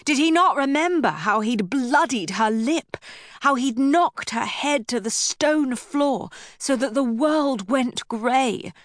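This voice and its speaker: Slow, measured woman audiobook narrator. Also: on the high side, a bit bright, dry recording, studio quality. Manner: measured, dramatic. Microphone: studio microphone.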